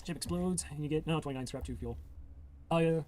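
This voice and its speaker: Fast-talking man thinking aloud over a game. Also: fairly high pitch, faint music behind. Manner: thinks aloud, reads game text, counts out loud. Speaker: gamer playing and narrating his old run. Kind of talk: casual gameplay commentary.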